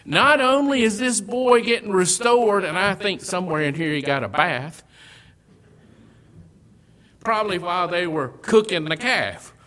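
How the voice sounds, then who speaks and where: A man preaching a sermon, swinging between loud declarations and hushed, almost whispered lines, with slow, deliberate phrasing. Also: sits high.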